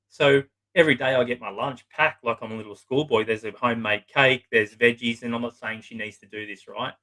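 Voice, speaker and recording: A man's voice: medium pitch, pushed and bright, low-quality recording. A man, a psychotherapist guest, giving earnest, blunt relationship advice in casual talk, swearing now and then for emphasis.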